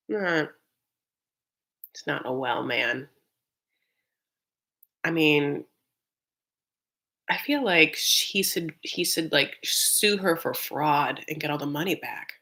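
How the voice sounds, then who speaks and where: Woman, reality TV recap host, gossipy, sassy, lower voice, bright edge. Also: sing-song, takes it slowly, pauses often. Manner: gossipy, sassy, chatty with viewers. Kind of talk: live reaction recap, casual chat.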